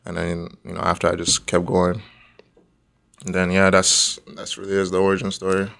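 A man's voice: low-pitched, monotone, moderate pace, gravelly, a bit bright. A young man from Nigeria, the guest, telling a story in casual chat and laughing often along the way.

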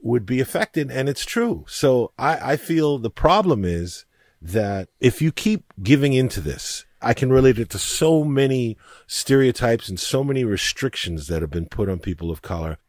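A man co-hosting a discussion, talking in an emphatic, animated way. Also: medium pitch, normal speed, no room sound. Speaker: co-host. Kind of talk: casual discussion. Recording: dry close mic.

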